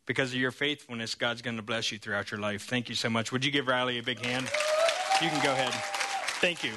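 A man preaching a sermon, telling Bible stories in an animated way and checking in with the congregation as he goes. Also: mid-range voice, fast, a faint crowd. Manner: animated storytelling with frequent "okay?" and "right?" check-ins.

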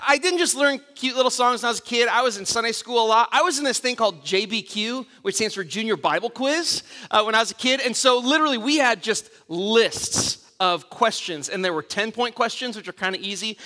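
A man's voice: high-pitched, pushed and bright. A man preaching a conversational sermon as a pastor, telling stories with self-mocking humor and asking rhetorical questions. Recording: reverberant church hall.

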